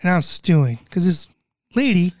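A middle-aged man, a podcast guest, telling a family story in a casual, animated way and acting out the voices of the people in it. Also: high voice, normal speed, dry recording, clean studio sound. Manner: animated, acts out quoted voices.

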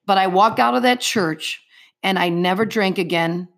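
A woman's voice: medium pitch, moderate pace, vocal fry. Earnest woman recounting a faith testimony. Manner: earnest, vivid storytelling in present tense. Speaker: interview guest.

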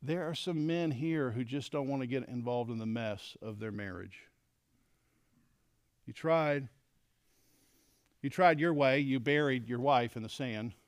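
Middle-aged guy teaching men from the bible, lively, acts out the quotes, dry close sound. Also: medium pitch, unhurried, long pauses, clean tone, dry recording. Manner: animated, acts out quoted lines. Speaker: men's leadership teacher.

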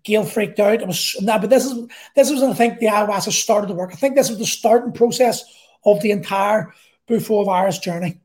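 A man's voice: high-pitched, fairly quick, darkish tone. A middle-aged man with a Belfast accent, telling a personal story in a blunt, sweary, rambling way. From Northern Ireland.

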